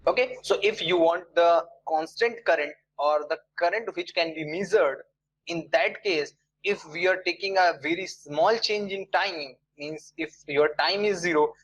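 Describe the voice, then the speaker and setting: A man's voice: on the high side, measured pace, fairly bright tone, slight background noise, rough recording. A man, lecturing an online engineering class. He explains step by step, repeats his phrases and quizzes students, with frequent fillers and restarts. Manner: many fillers and restarts, non-native phrasing.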